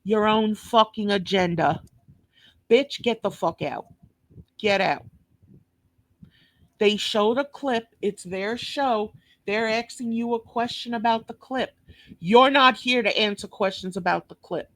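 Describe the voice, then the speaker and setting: A woman's voice: mid-range voice, measured pace, fairly bright tone, no echo. A woman with a New York accent hosting a reaction video, delivering a blunt, cursing, scolding rant. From Brooklyn, New York. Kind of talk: profane reaction commentary.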